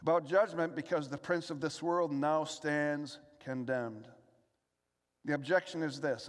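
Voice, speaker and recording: Male preacher, sermon delivery, slightly raised pitch, earnest, echo of a large hall. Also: fairly even intonation, moderate pace. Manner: earnest preaching, rhetorical questions and scripture reading.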